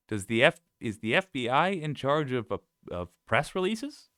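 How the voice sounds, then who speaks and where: A man's voice: mid-range voice, very animated, moderate pace, hardly any pauses, a bit bright, dry recording, clean studio sound. A man hosting political commentary, reading quotes aloud and mocking them in a sarcastic, scoffing way. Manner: sarcastic, scoffing, frequent laughs.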